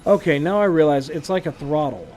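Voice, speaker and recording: A man's voice: on the high side, a little fast, a little mellow, a little hiss or hum. A man streaming a survival game, chatting casually with laughing asides. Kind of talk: casual gameplay commentary.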